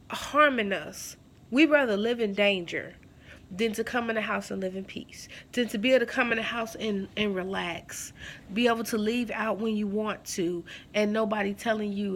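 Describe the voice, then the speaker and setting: A woman giving impassioned advice to her viewers at home, preachy and emphatic, repeating her key phrases and calling the listener girl. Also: medium pitch. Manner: addresses listener as girl and baby girl. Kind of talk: impassioned advice talk to camera.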